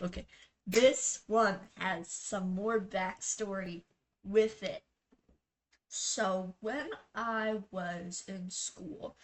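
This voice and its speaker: A young woman telling a personal story in a casual vlog, rambling and blunt, with lots of fillers and swearing. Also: mid-range voice. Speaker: vlogger.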